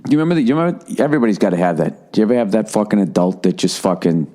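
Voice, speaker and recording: A man in his forties ranting through a casual comedic monologue as a podcast host, swearing heavily and jumping up in pitch. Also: very fast. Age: 40s. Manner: ranting, heavy swearing, animated rises in pitch.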